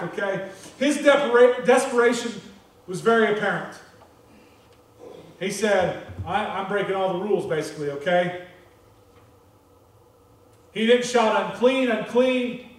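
A male American pastor delivers a sermon in a high, lively voice, often repeating words as he presses a point. He stands well back from the microphone. The sanctuary around him rings with heavy echo. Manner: animated, repeats words when stressing a point. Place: church sanctuary. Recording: very echoey church, voice distant from the mic.

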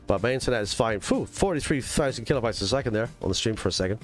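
A rambling, chatty man with a mixed English and Scottish accent hosts a live gaming stream, his voice sitting low. He talks straight to his chat with plenty of ums and asides. Faint music plays underneath. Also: animated, quick pace, few pauses.

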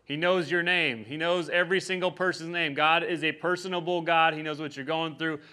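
A male pastor preaches in a relaxed, conversational way and often checks in with a quick "right?". His voice sits a little high and sounds bright and forceful. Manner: conversational, keeps asking "right?". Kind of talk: sermon.

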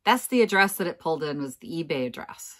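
Talking fast in a deep voice, a middle-aged vintage reseller spins a story for her laid-back vlog, full of lively self-mockery and lots of laughter.

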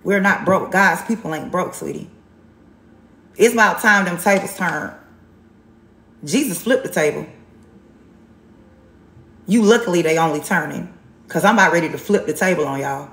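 A woman's voice: fairly low pitch, moderate pace, pauses often, a bit bright, echoey room. Blunt, sassy tarot reader woman. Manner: blunt, sassy and emphatic, with repetition. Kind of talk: live tarot reading.

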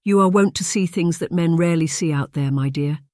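A narrator voicing a kindly, soft-spoken older aunt from Yorkshire who talks in a hushed, gentle way, in an audiobook romance. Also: medium pitch, brisk, no echo, clean studio sound, natural voice. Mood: hushed warning.

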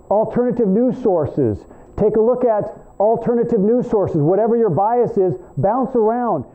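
A male professor lecturing a class in an animated, rambling way, trading remarks with students, in a tinny, phone-like recording. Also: high-pitched. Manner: animated, rambling, talks back and forth with students.

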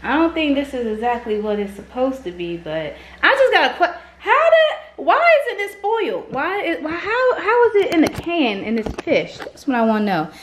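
A woman's voice: high-pitched, big pitch swings, moderate pace, hardly any pauses, slight background noise. A young woman vlogging casually from her home kitchen, chatting to herself as she cooks. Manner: chatty, talks to herself while cooking. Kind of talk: casual cooking vlog chat.

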